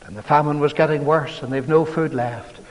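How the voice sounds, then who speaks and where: A man with a high voice preaches a sermon, telling the old story with dramatic, emphatic swings. His words ring out with the long reverb of a large hall. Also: steady tone, fairly quick.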